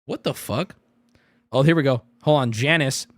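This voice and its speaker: A man in his thirties streaming, ranting with heavy profanity and breaking into sudden incredulous yells. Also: mid-range voice, moderate pace, no room sound. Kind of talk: ranting live stream commentary.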